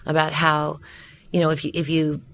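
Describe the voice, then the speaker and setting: A woman with a somewhat low-pitched voice talks through her teaching methods in a relaxed podcast chat. She explains in an animated way and often restarts her sentences. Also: moderate pace. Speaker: guest voice actress and voice-over teacher. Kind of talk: casual podcast conversation.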